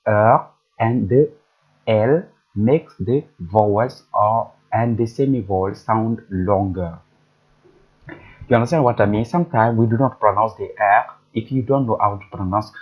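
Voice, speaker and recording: Husky guy doing a french pronunciation lesson, repeats words over and over. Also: lowish voice, highs cut off. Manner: repeats words slowly for drilling. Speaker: French teacher.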